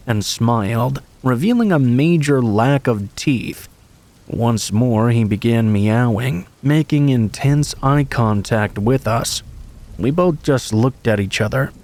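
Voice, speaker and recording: A man's voice: medium pitch, darkish tone. A man hosting a channel, reading true scary stories aloud in a casual, friendly delivery. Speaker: host and story narrator.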